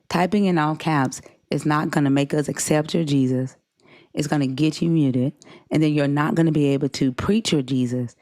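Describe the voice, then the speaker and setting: Woman, low voice, from the American South, blunt, profane, casual live-stream host. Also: a little mellow. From Southern United States. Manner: blunt, profane, lecturing chat.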